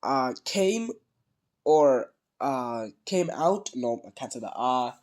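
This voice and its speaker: A speaker with a cold tells a fan story in a loose, rambling way, often stopping to rephrase. The pitch sits in an ordinary middle range, recorded casually at home. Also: lively intonation, slow pace, darkish tone. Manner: rambling, many fillers and restarts. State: sick with a cold.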